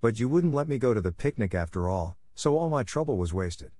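A man's voice: medium pitch, big pitch swings, brisk, warm tone, no echo, clean studio sound. A man reading a gushing, dramatic orphan girl. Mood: weary. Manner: gushing, theatrical. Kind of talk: audiobook character reading.

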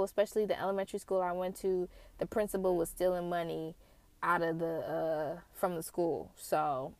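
An American woman with a fairly low voice tells personal stories from her car, casual and candid, with occasional swearing. There's no room sound.

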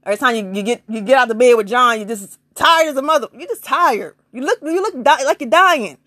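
A woman's voice: a little fast, no echo, clean studio sound. A woman giving blunt, preachy spiritual advice in a casual monologue, firing off rhetorical questions and swearing freely. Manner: animated, big jumps in pitch.

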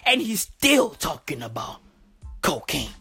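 Husky, animated woman ranting. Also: sits low, unhurried, soft background music. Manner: profane, repetitive, animated slang. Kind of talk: comedic rant monologue.

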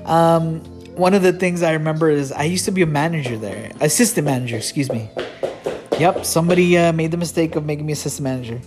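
A man's voice: fairly high pitch, quick pace, music in the background. A man telling a casual storytime anecdote, rambling and restarting often, laughing at his own story.

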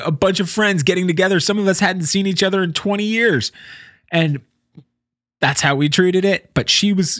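A man talking casually about someone he knows from the music scene, halting and repeating words as he goes. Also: mid-range voice, no echo, clean studio sound. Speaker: musician commenting on scene news. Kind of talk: casual spoken commentary.

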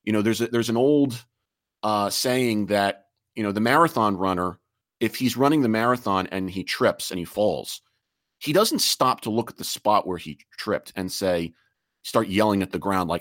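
A man's voice: fairly low pitch, normal speed, a bit bright, dry recording, clean studio sound. Earnest man speaking as a podcast guest. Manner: earnest, reflective, frequent restarts. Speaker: guest, sportsmanship group president. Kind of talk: casual podcast interview.

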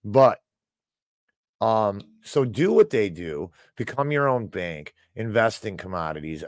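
A man with a low voice hosts an opinionated financial news show, reading headlines aloud and ranting about them sarcastically, getting loud when angry. The recording is dry.

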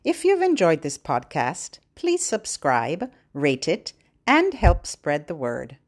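A woman's voice: low voice, wildly swooping pitch, takes it slowly. A woman hosting a podcast for babies and parents, singing songs and rhymes in a cheerful, sing-song way with playful sound effects.

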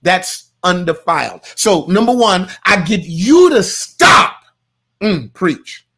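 High-voiced preacher man, loud then hushed. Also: sing-song, takes it slowly, gravelly, breathy edge. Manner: conversational preaching, swings from quiet asides to loud shouted lines; folksy, repetitive, laughs at own jokes. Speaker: pastor. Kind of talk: sermon.

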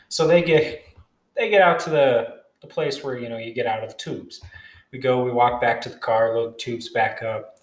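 A man's voice: medium pitch, moderate pace. A young man telling a story casually, rambling and cursing often as he goes. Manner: rambling, profane, animated retelling. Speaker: storyteller vlogger. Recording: echoey room.

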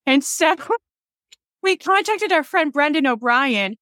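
A woman's voice: high-pitched, lively intonation, measured pace, fairly bright tone, no echo, clean studio sound. A woman in her forties from telling stories as an interview guest, laughing often and acting out quoted dialogue. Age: 40s. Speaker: guest, cemetery preservation business owner. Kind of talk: casual interview storytelling.

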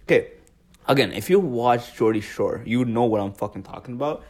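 A young man co-hosting a podcast in casual chat, relaxed and teasing, rambling through stories. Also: mid-range voice, brisk. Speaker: podcast co-host.

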